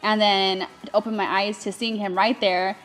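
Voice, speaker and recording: A woman's voice: mid-range voice, flat delivery, moderate pace, fairly bright tone, faint music behind. A young adult woman co-hosting, telling a story casually and animatedly, laughing often and getting emotional. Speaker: co-host recounting her engagement.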